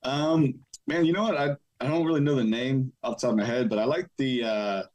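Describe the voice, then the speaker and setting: A man being interviewed on a podcast, answering briefly in a relaxed way. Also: mid-range voice, fairly quick. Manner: laid-back, brief answers. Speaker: podcast guest, fighter. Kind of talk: casual interview.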